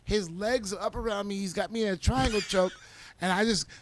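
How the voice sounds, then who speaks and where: Podcast co-host, man with a high voice, animated storyteller. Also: fairly quick, no echo. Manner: animated, laughing, acts out quotes loudly. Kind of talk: casual storytelling.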